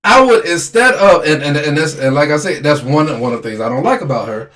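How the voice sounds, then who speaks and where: Man, high-pitched, slightly hoarse, animated complaining, casual podcast. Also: brisk. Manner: animated, complaining, repeats himself. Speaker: podcast co-host. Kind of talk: casual argumentative chat.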